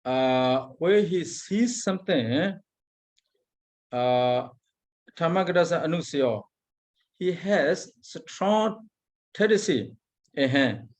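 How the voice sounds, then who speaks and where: A Burmese monk, a man whose first language is Burmese, giving an Abhidhamma lecture in halting English. He searches for words and recites Pali passages before explaining them. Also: fairly high pitch, expressive. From Myanmar. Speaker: Buddhist monk teacher.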